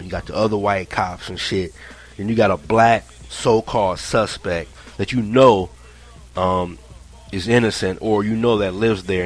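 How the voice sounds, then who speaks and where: Guy with a lowish voice, cussing a lot and rambling through a story. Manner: profane, rambling, animated retelling with many restarts. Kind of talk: casual spoken personal story.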